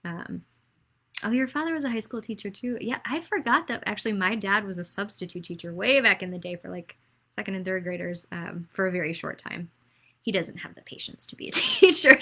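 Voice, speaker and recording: Bright-voiced chatty Minnesotan woman. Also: mid-range voice, gravelly. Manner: chatty, reads viewer comments aloud, many fillers. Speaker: political candidate hosting a livestreamed town hall. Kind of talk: casual livestream talk.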